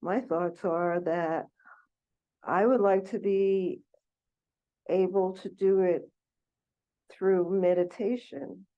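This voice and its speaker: A woman's voice: on the low side, fairly even intonation, slow pace, pauses often. A woman in a class, asking hesitantly how to let go, often restarting as she searches for words. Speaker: class participant. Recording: dull lo-fi recording.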